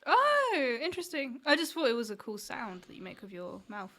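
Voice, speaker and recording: A young woman with a high, bright voice chatting on a podcast. She giggles often, hesitates and lets her sentences trail off. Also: huge pitch swings, normal speed. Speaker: podcast co-host. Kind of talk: casual chat.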